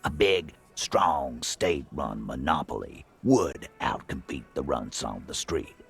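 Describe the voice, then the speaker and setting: An actor playing a hostile, mocking dockworker leader in a video game, with a very deep, raspy voice. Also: male voice, sing-song, faint music behind, heavily acted. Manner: sneering, slow, mocking.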